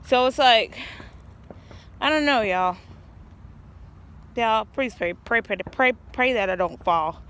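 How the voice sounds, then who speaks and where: Rambling woman with a bright voice. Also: fairly high pitch, expressive, slow, long pauses. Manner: rambling, earnest, stop-start. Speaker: vlogger. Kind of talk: casual storytelling vlog. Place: outdoors.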